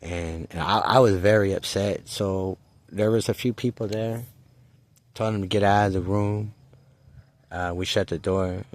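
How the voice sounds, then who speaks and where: A man's voice: low-pitched, fairly even intonation, a little slow, dry recording. A man casually telling a personal story in a rambling, blunt way, full of restarts and swearing.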